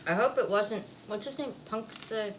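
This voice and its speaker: A woman's voice: mid-range voice, normal speed. A woman vlogger chatting casually while eating on camera, rambling and laughing easily. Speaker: mukbang vlogger. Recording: faint background noise.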